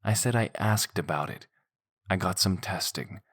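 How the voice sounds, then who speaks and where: A man voicing an easygoing but stubborn young man in an audiobook, talking in a low, blunt, offhand way. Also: moderate pace, fairly bright tone. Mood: defensive.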